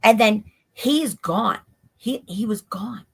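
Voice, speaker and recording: A woman with a mid-range, gravelly, husky voice speaks slowly as a live stream guest. She's telling a story in an interview, though in a breathless run-on way full of "like", and the audio comes from a stream call mic.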